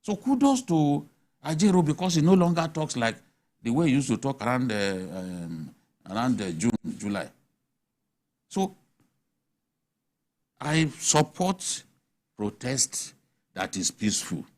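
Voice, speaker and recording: A man's voice: mid-range voice, very animated, measured pace, long pauses, a little mellow. A man with a Nigerian accent, speaking as a guest on a TV studio panel, arguing emphatically and asking rhetorical questions. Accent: Nigerian English. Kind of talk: animated studio panel discussion.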